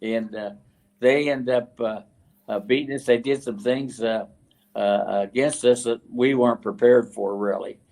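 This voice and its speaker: An older man from West Virginia, a retired football coach, telling stories as a guest in an interview, halting and full of fillers and restarts. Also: mid-range voice, fairly even intonation, gravelly, darkish tone. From West Virginia, USA. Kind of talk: storytelling interview.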